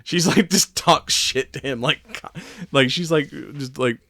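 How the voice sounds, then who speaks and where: In a casual chat, a Southern US man hosting a podcast rambles loosely, laughs often and swears plenty. His medium-pitched voice has a sharp tone and moves a little slowly. Clean studio sound, no room sound.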